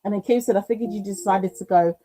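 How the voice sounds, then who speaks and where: A British woman hosting a craft livestream, chatting casually and reading comments aloud, self-mocking and quick to laugh, with an occasional cough. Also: mid-range voice, mellow. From United Kingdom. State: coughing now and then.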